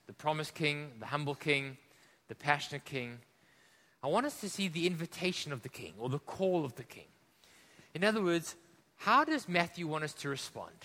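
A man from Africa preaches with a fairly high, forceful voice that lands hard on key words and then sinks almost to a hush. He keeps putting questions to the congregation. The sound carries a long reverb, as in a large echoing church hall. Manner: impassioned, swinging between loud emphasis and hushed drops. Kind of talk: sermon.

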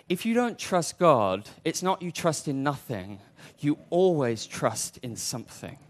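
A man preaching a sermon in an animated way, acting out the voices he quotes. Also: fairly high pitch.

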